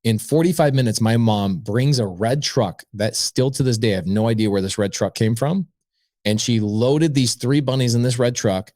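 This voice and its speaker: A man in casual conversation, spinning an anecdote with lots of "like" and "I go". His voice sits at an ordinary pitch. The recording is close and dry, with no room sound. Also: normal speed, no room sound. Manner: lively anecdote-telling, acts out quoted dialogue; conversational, frequent "like" and "I go". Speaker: podcast guest. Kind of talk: casual storytelling.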